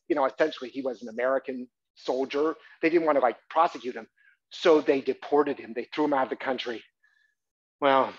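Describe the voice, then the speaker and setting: Animated male storyteller on stage. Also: fairly high pitch, breathy edge. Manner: animated, chatty, with asides to the audience. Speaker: solo stage performer and storyteller. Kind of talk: one-man stage monologue. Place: theatre stage, live audience. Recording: dull live theatre recording.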